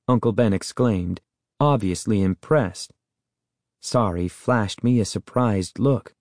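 Male audiobook narrator, lowish mellow voice, dry close mic, steady reading. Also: measured pace, no room sound. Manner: steady storytelling.

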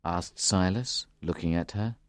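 A woman narrating a storybook in a calm, measured way. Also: a bass voice, no echo, clean studio sound. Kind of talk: storybook reading.

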